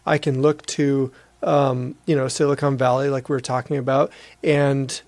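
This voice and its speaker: A man's voice: mid-range voice, flat delivery, moderate pace, darkish tone, no room sound. A man hosting a podcast interview, talking in a loose, rambling way with many fillers. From American Midwest. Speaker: podcast host. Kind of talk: casual conversational interview.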